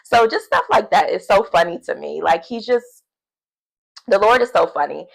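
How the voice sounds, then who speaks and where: A woman talking casually in a devotional video journal, chatty and animated, often laughing and acting out quotes. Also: mid-range voice, moderate pace, creaky, low-quality recording. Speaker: faith vlogger.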